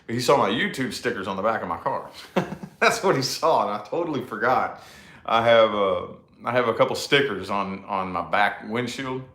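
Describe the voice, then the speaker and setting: A man's voice: fairly low pitch, expressive, moderate pace, bright, forceful tone. Profane, self-deprecating man in an echoey room. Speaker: vlogger. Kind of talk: casual rambling monologue.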